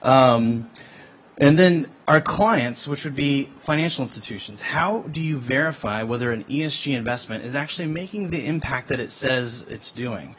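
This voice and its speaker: A man's voice: medium pitch, moderate pace, slightly rough. A man presenting his ocean tech company on a panel, casual and enthusiastic, often restarting words. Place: event hall. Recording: tinny phone-like line with faint noise.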